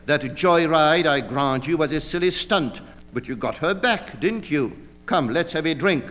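A man's voice: a little high, animated, measured pace, fairly bright tone, big-room sound, soft background music. A man reading an audiobook, voicing a drunken, blustering man with a drawling, oddly feminine manner. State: drunk and rambling. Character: drunken blustering man, effete, mocking and evasive.

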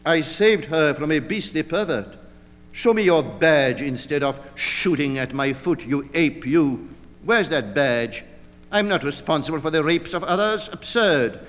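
A man's voice: a little high, expressive, measured pace, fairly bright tone, in a large hall. A man reading an audiobook, voicing a drunken, blustering man with a drawling, oddly feminine manner. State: drunk and rambling. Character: drunken blustering man, effete, mocking and evasive.

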